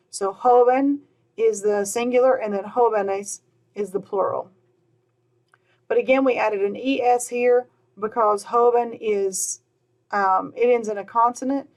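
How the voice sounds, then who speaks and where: A woman with a mid-range voice and vocal fry teaches Spanish grammar in a recording. She repeats words slowly and patiently, using "all right" and "um" between points.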